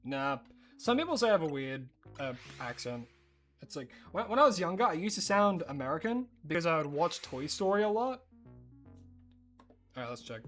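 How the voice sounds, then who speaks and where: A streamer with an Australian accent, chatting casually and rambling while playing, breaking into excited disbelief. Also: medium pitch, moderate pace, soft background music. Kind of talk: casual live-stream chat while gaming.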